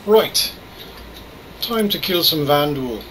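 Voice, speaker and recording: A man's voice: a little high, animated, slow pace, a bit bright, slight background noise, rough recording. Man hamming up a fake Irish accent. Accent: put-on Irish. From Canada. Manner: jokey, self-mocking. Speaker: gamer. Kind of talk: gameplay commentary.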